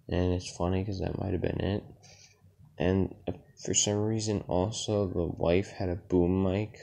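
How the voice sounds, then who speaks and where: Young man, low and gravelly, tired rambling dream story with swearing. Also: mellow. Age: young adult. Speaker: vlogger. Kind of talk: casual dream retelling.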